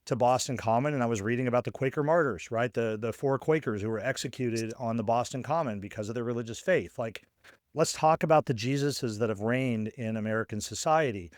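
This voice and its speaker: A man's voice: mid-range voice, a little fast, no room sound, clean studio sound. A man co-hosting a podcast as a scholar of religion, thinking aloud in a casual discussion with frequent "right?" tag questions. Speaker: podcast co-host.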